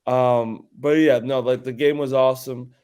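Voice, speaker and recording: A man's voice: medium pitch, fairly even intonation, moderate pace, darkish tone, clean tone. A man co-hosting a podcast, laid-back in casual chat, trailing off as he recaps. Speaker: podcast co-host.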